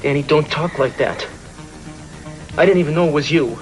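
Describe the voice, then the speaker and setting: An actor playing a distraught man who tries to keep a dying friend calm in a 1980s soap opera. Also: on the high side, normal speed, soft background music, lightly acted. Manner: urgent, pleading.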